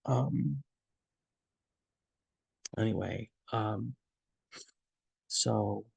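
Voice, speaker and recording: Deep gravelly man, rambling story. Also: a little mellow, no echo, lo-fi sound. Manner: rambling and halting, with many restarts; shaken, searching for words. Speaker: man recording a personal message to a friend. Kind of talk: casual personal storytelling.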